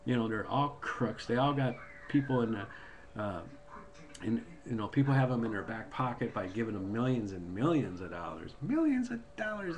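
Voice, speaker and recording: This video blogger has a fairly low-pitched male voice, recorded with background noise. Talking into his webcam, he delivers a casual political rant that is heated and rambling, circling back to repeat himself.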